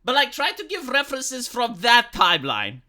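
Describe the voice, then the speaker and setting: A man's voice: very high voice, huge pitch swings, normal speed, pushed and bright. A man hosting a casual reaction commentary, rambling and sarcastic, swearing freely and restarting his sentences often. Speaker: YouTube commentary host.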